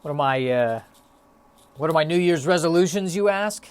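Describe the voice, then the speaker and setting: A man's voice: fairly high pitch, lively intonation, normal speed, clean tone. A young man hosting a solo podcast, musing in a stop-start, self-deprecating way with lots of fillers, a little out of breath. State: a bit out of breath. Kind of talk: rambling solo podcast monologue.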